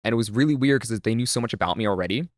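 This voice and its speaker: A young man chatting on a podcast, his words tumbling out fast and loaded with fillers. His voice sits a little low. The sound is dry and close. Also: dry recording. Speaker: podcast guest, content creator. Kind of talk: casual chat.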